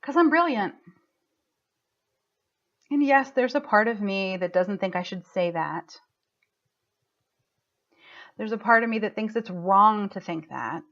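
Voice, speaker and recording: A woman's voice: mid-range voice, expressive, measured pace, pauses often, fairly bright tone. A woman coach giving an emotional, affirming motivational talk, getting choked up as she speaks. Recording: muffled lo-fi recording.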